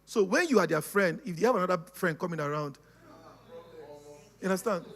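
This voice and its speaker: A man giving a lively, casual teaching talk, laughing often and checking that his listeners follow. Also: sits high, brisk. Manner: animated, laughing, acts out quoted voices, keeps asking "you understand?". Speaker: speaker on personality types.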